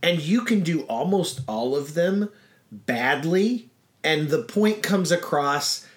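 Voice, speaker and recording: A man's voice: a little high, animated, slow. A man hosting a podcast in casual chat, hesitant and trailing off at times. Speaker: podcast host.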